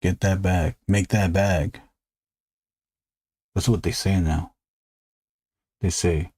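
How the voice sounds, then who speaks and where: A man's voice: low voice, steady tone, takes it slowly, long pauses, a little mellow, husky, dry recording. A man hosting a drawing live stream, chatting casually in a rambling, joking way and swearing freely. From United States. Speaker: artist and live stream host.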